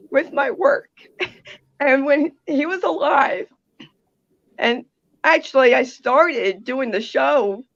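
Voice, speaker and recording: A woman's voice: fairly high pitch, no room sound, dull audio. A woman with a New Jersey accent, a guest on a video call, speaking emphatically and from the heart. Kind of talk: conversational interview.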